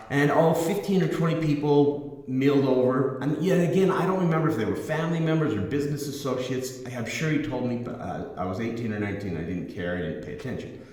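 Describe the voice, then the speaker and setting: A middle-aged man, a musician hosting his own channel, tells a rambling gig anecdote in casual chat, restarting phrases and acting out the voices in his quotes. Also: medium pitch. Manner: rambling, self-correcting anecdote with acted quotes. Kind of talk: casual storytelling to camera. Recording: very echoey room with long reverb.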